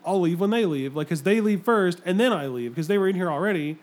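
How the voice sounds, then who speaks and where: Chill young dude on a podcast, highish voice, laughs a lot, just chatting. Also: male voice, expressive, quick pace, a little mellow. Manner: laid-back, laughs often. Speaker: podcast co-host. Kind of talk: casual podcast chat.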